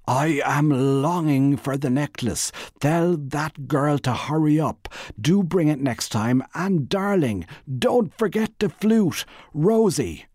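A man reading a story aloud, voicing a large, jealous wife who booms out her accusations. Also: expressive, slow, hardly any pauses, darkish tone, no room sound, clean studio sound. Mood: booming mockery. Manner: booming, accusing.

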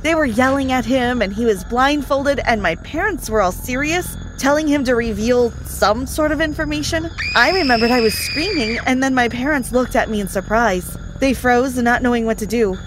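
A woman's voice: a little high, moderate pace, hardly any pauses, noisy background. A woman narrating a first-person story in an earnest, emotional read-aloud manner.

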